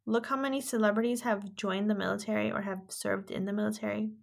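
A Californian woman in her thirties co-hosts a podcast, talking fast in a steady tone with vocal fry. She's a chatty storyteller in casual conversation, acting out quotes in a higher voice.

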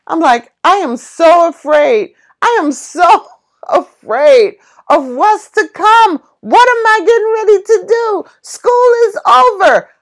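A woman with a high voice delivers a motivational talk, her pitch swooping up and down as she encourages her listeners. She speaks slowly and leans into heartfelt exclamations.

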